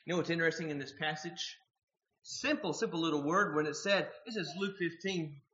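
A man preaching with a high voice, dropping to near-hushed lines and then rising to loud, emphatic calls. The recording is roomy and a little dull, with echo around him. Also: a little fast. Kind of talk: sermon.

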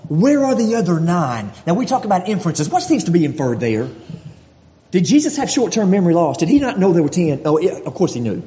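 Male preacher, emphatic and repetitive, slightly high voice, long church-hall reverb. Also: very animated, fast talker, warm tone. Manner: rhetorical questions, emphatic repetition. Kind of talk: sermon. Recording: dull lo-fi audio with long reverb.

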